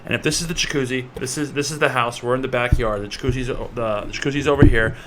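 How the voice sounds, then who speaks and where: A man's voice: mid-range voice, fast, heavy background noise. A young man vlogging to camera, telling a story in a loose, rambling way full of fillers and acting the scene out. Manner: animated, acts scenes out with gestures and repeats.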